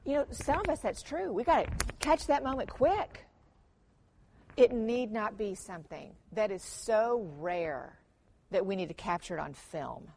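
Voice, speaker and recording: A middle-aged woman giving a conference workshop talk, telling family stories with humor and lively emphasis. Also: medium pitch, a little slow, vocal fry, slight background noise. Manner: animated storytelling with humor, mixes in quoted voices. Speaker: conference speaker.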